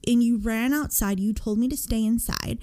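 A young woman in her twenties co-hosts a casual podcast. She tells her story in an animated rush, packed with curse words and "like" fillers. Her voice sits a little high. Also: moderate pace. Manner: animated, profane, many "like" fillers. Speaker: podcast co-host.

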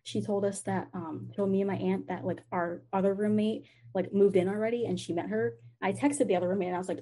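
A young woman on a video call, telling a story about a messy roommate in an animated way, swearing and saying "like" a lot. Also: medium pitch, fast talker, few pauses. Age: young adult. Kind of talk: casual chat over video call.

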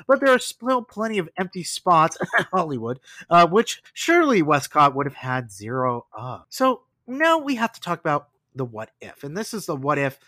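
A man telling a story on a podcast with a lively, bouncy delivery and a slightly high voice. He narrates in a casual way and drops wry asides between facts. The sound is dry and close. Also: no echo. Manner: animated storytelling with asides and laughs. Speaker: podcast host.

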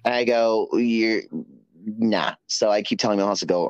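A man guesting on an interview show, telling stories in a sassy, animated way with lots of quoted dialogue. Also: on the low side, moderate pace, smooth, no echo, lo-fi sound. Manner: sassy storytelling, animated quoting. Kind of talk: casual chat.

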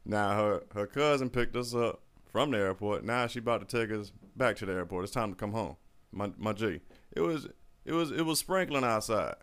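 A podcast host with a fairly low voice. He talks in a loose, joking way and curses casually as he tells his stories. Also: lively intonation, moderate pace, a bit bright, smooth. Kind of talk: casual chat.

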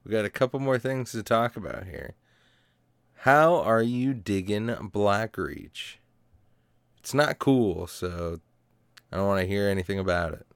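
A man's voice: on the low side, measured pace, clean tone, dry recording, studio quality. A man co-hosting a casual gaming podcast, upbeat and joking as he chats and reads a sponsor spot. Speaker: podcast co-host.

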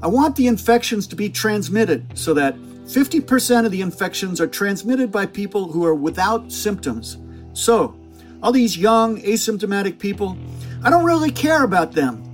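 A man's voice: high-pitched, very animated, moderate pace, faint music behind, voice pushed up. A man doing an impression of an older male doctor who speaks as if he were a scheming virus, in an emphatic, conspiratorial manner.

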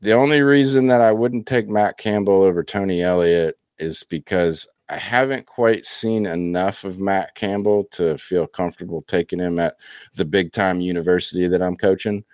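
A man's voice: low voice, normal speed, a little mellow, smooth, no echo. A man co-hosting a casual sports podcast, blunt and contrarian, sure of his own picks. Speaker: podcast co-host.

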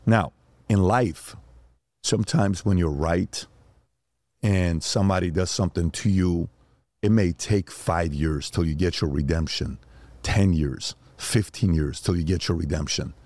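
A middle-aged man with a fairly low voice tells stories and fires off blunt rhetorical questions like a motivational speaker. His delivery is preachy and pointed. The sound is dry and close-miked. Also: measured pace, a little mellow, dry recording. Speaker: guest. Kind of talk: animated storytelling and rapid questioning.

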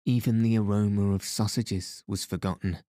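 A man narrating a novel as an audiobook in a measured, even reading voice. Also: on the low side, no room sound, clean studio sound. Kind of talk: scripted narration.

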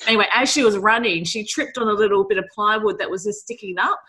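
A woman's voice: medium pitch, quick pace, bright, forceful tone, poor audio. A woman hosting a podcast, casually telling a funny family story with a teasing tone. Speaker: podcast host. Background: dog barking.

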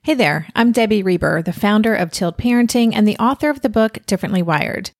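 A woman reading a scripted promo for her podcast in a bright, upbeat way. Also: medium pitch, animated, fairly quick, dry recording, clean studio sound. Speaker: podcast host in an ad.

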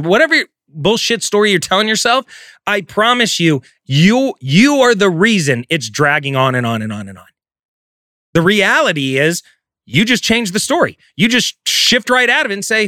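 A man's voice: sits high, very animated, normal speed, pushed and bright, no echo, clean studio sound. A man giving a profane, emphatic motivational talk as a real estate coach. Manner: intense, profane, emphatic delivery.

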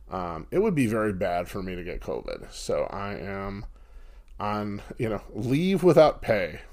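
Man, podcast host, casual chat, loose rambling delivery, mid pitch. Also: darkish tone. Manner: loose, with fillers and restarts.

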